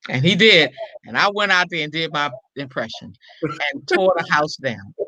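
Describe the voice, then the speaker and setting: An older woman, a comedian and impressionist, telling a story in an interview and acting out every quoted line with lively shifts in voice. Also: low-pitched, moderate pace, no echo, rough recording.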